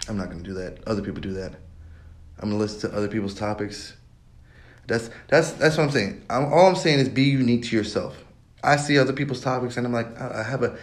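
A young man hosting his own podcast, talking in a rambling, profane monologue that loops back on itself. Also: on the low side. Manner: rambling, profane, repeats himself. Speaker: podcast host. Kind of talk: casual monologue.

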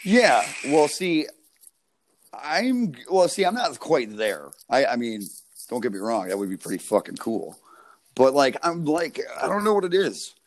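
A man's voice: medium pitch, very animated, unhurried. Rambling, profane American guy. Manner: rambling, profane, laughs through his stories. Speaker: podcast co-host. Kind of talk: casual storytelling chat.

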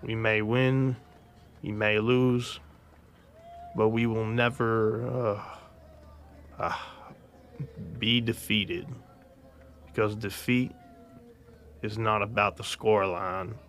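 A man playing a soccer coach giving his team a slow, earnest pep talk in an audio drama. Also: fairly low pitch, steady tone, a bit bright. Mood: rousing.

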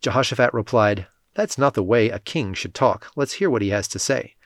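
A man giving a measured, scripted Bible reading, lightly voicing the quoted speech. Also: medium pitch, no room sound, clean studio sound. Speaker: scripture reader.

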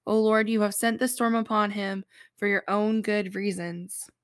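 A woman's voice: mid-range voice, fairly even intonation, normal speed, no room sound, studio quality, close to an everyday voice. A woman voicing a frantic ship's crew, reading their urgent, pleading questions aloud.

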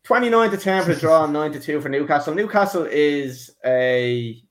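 A man's voice: fairly high pitch, expressive, moderate pace. A man hosting a casual football podcast, jokey and laddish, calling his co-hosts lads. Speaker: podcast host.

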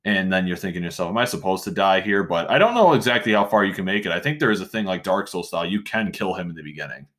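A man co-hosting a casual chat, rambling and animated, often interrupting himself. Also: low-pitched, racing, hardly any pauses. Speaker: podcast co-host.

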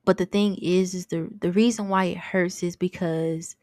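A young woman hosts a casual faith podcast in a lowish voice, earnest and open as she confesses her thoughts. She circles back over her words as she talks. The sound is close and dry. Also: steady tone, normal speed, darkish tone, dry recording. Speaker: podcast host.

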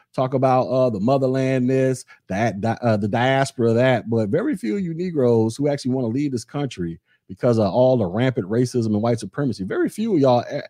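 Mellow-voiced man ranting on a podcast. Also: a little high, no room sound, clean studio sound. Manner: ranting and sarcastic, talks straight to listeners. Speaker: podcast host. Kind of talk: solo opinion commentary.

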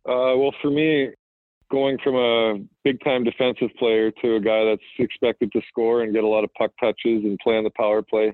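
A man's voice: medium pitch, normal speed, no room sound. A man in his thirties, a hockey player guest, talking casually with lots of fillers and restarts. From Manitoba, Canada. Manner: relaxed, rambling, frequent fillers and restarts. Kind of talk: casual phone interview. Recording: dry, tinny phone line.

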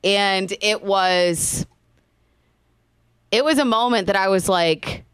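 A woman's voice: mid-range voice, takes it slowly, a bit bright, smooth, dry recording, clean studio sound. A woman co-hosting a podcast, speaking candidly and earnestly about her own experience. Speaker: podcast co-host. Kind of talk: casual chat.

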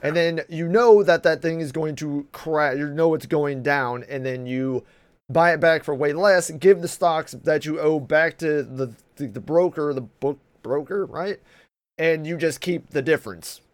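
A man in casual, profane podcast chat, animated and quick to act out voices. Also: on the high side, no room sound. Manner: animated, swears a lot, acts out voices in quotes.

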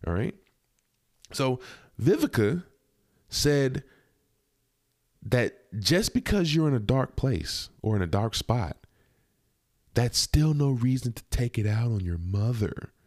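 A man's voice: medium pitch, sing-song, takes it slowly, pauses often, darkish tone, no room sound, studio quality. A man hosting a podcast, giving blunt, indignant commentary on a video clip and swearing freely. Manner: blunt, profane, indignant, repetitive. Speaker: podcast host.

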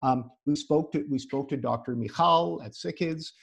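A therapist guest chats casually on a video call, his slightly high voice creaky with a breathy edge, moving at a moderate pace. Starting sentences, he tends to repeat words, and he breaks his advice into numbered practical steps.

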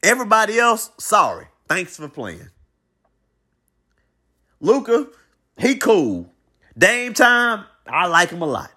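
High, animated man talking basketball. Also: takes it slowly, long pauses. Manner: animated, blunt, colloquial, repeats himself. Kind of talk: opinionated basketball commentary monologue.

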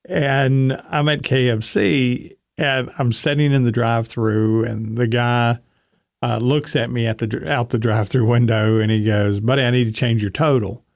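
A man's voice: medium pitch, steady tone, moderate pace, gravelly, dry recording, clean studio sound. A middle-aged man co-hosting a radio show, telling a casual anecdote and acting out the people in it. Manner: storytelling, acts out voices in anecdotes.

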